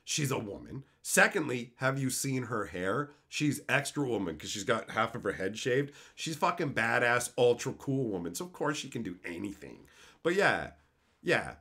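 A man streaming live, reading chat questions and ranting in a loud, profane, laughing way. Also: mid-range voice, moderate pace. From Canada. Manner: loud, animated, frequent swearing and laughing.

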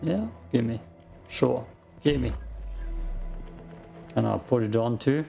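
Male game streamer, gravelly and unhurried, relaxed play-by-play. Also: mid-range voice, faint music behind. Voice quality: gravelly morning voice. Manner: slow, calm, thinks out loud. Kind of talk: casual gameplay commentary.

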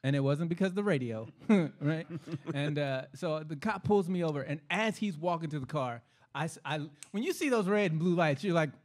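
A young man with a high voice that jumps around a lot, co-hosting a comedy podcast. He tells his stories loosely and profanely, laughing his way through them in casual chat. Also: animated, fairly quick, few pauses. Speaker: podcast co-host.

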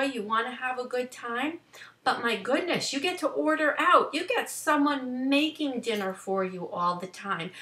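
Emphatic woman wellness host, bright voice. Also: sits high, distant mic. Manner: emphatic, coaching, direct address. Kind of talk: motivational talk to camera. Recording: echoey room.

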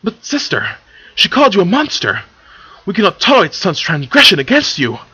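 A man voicing a young, fiercely protective female pony princess in a fan reading, his husky voice pushed high and loud. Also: huge pitch swings, fairly quick, heavily acted. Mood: indignant. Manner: indignant, raised and insistent. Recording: dull lo-fi recording.

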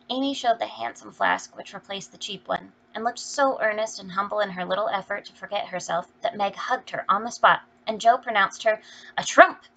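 A woman reading a classic novel aloud as an audiobook, in a steady storytelling delivery. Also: mid-range voice, gravelly. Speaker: audiobook reader. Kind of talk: scripted narration. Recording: dull lo-fi recording.

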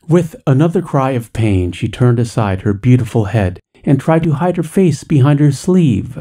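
A man reading a ghost story aloud in a measured, dramatic storytelling way. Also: mid-range voice, animated, mellow. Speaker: story reader. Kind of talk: storytelling narration.

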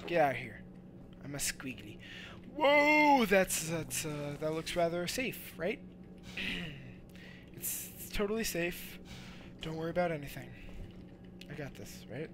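A young man giving loud, goofy commentary while playing a video game, with sudden shouted outbursts. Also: fairly high pitch, very animated, measured pace, long pauses, background noise. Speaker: let's play gamer. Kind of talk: energetic gameplay commentary.

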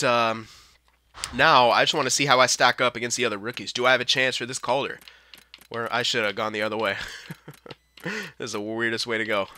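A man talks through his own video game play in loose, excitable commentary, cursing and chuckling as he goes. His voice is very bright and tense, sitting at an ordinary middle pitch. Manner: excitable, swears and laughs often. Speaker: video game let's-player. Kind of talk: casual gameplay commentary.

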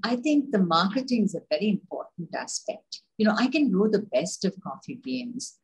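An older woman with an Indian accent, a coffee expert telling lively stories in an interview. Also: medium pitch, moderate pace, husky, low-quality recording. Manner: lively anecdotal, acts out dialogue. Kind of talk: conversational interview storytelling.

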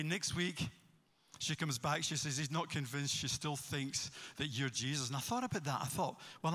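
A man with a Scottish accent, a pastor preaching a sermon and telling stories with animated energy. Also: a little high. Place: church hall. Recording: long hall reverb.

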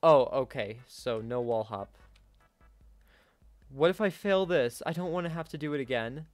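A young man giving live gameplay commentary, swinging between yelling in frustration and quiet muttering to himself. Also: mid-range voice, lively intonation, moderate pace, dry recording. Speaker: gaming YouTuber.

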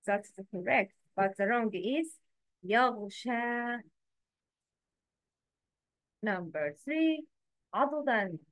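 A woman teaching letter pronunciation in a slow, patient lesson, repeating each word for the learner to echo. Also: medium pitch, expressive.

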